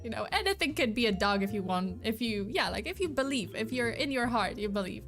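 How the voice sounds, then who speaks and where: A woman's voice: fairly high pitch, animated, fairly quick, a bit bright, faint music behind. A woman hosting a stream, chatting casually in a giggly, rambling way and then reading a scripted story. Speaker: vtuber streamer host. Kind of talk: casual chat and scripted narration.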